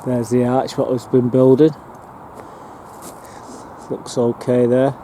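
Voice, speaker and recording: A man talks his way around an allotment, rambling and restarting as he goes. His voice is dark and mellow, with a faint hum of town and traffic behind him outdoors. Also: mid-range voice, level tone, slow pace. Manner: chatty, rambling, with fillers and restarts. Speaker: allotment gardener giving a plot tour. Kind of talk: casual walking tour narration.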